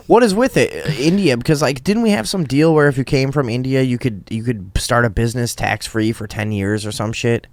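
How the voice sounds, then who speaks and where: A man hosting a talk show, telling stories in a profane, rambling, animated way. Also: mid-range voice, normal speed, dry recording. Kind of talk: rowdy podcast storytelling.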